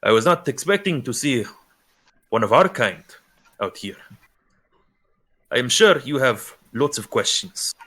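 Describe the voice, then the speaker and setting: A man's voice: mid-range voice, sing-song, unhurried, pauses often, sharp tone, breathy edge, heavily acted. A man voicing a suave, courtly fae duke with a Spanish accent, in a tabletop game. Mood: amused.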